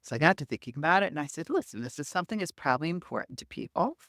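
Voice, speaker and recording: A middle-aged woman, a medium appearing as a podcast guest, tells anecdotes in an interview and animatedly acts out the quoted dialogue. Her low-pitched voice races along, captured with clean studio sound and no room sound.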